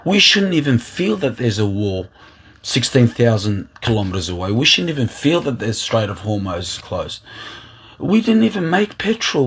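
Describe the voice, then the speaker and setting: Impassioned husky man ranting. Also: a little high. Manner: impassioned, rambling, restarts and repeats words. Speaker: aspiring political candidate. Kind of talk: emotional personal monologue.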